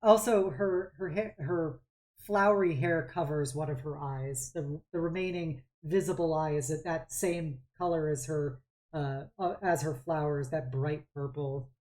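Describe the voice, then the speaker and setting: A woman's voice: deep voice, measured pace, a little mellow. A woman narrating as game master of a tabletop game, describing scenes in a rambling way with many fillers.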